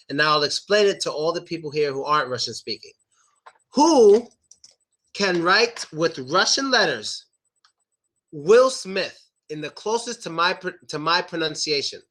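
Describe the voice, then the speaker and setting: This is a man teaching English pronunciation to an online class, with a high, bright voice that swoops up and down. He talks slowly and playfully and repeats words carefully so learners can copy them.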